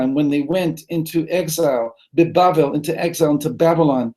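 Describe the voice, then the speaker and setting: Rabbi reading and translating phrase by phrase. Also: male voice, a little high, fairly quick, a little mellow, rough recording. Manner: translates phrase by phrase, restarts and repeats words. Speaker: rabbi teaching a text class. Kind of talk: text study lesson. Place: study hall.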